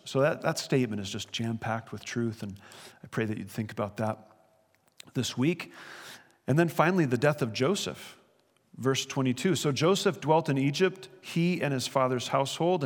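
Earnest male preacher in a reverberant hall. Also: medium pitch. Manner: earnest, conversational preaching with rhetorical questions. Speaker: pastor. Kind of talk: sermon.

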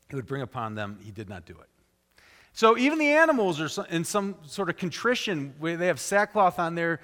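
A man preaching a sermon, retelling a story with animated quoted voices. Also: mid-range voice, big-room sound. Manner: animated storytelling, quoting characters in raised voices.

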